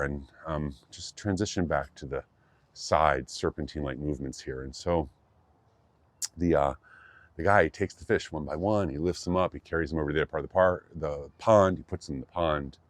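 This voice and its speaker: A man's voice: a bass voice, normal speed, no echo. A man, a qigong teacher, telling a fairy tale loosely and jokingly, with lots of fillers. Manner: rambling, jokey, many fillers. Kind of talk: loose casual storytelling.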